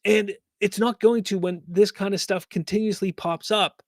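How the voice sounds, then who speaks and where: A man's voice: sits high, fairly even intonation, moderate pace, no room sound, studio quality. A man hosting a live fan news stream, reading chat comments aloud and ranting with exasperated rhetorical questions.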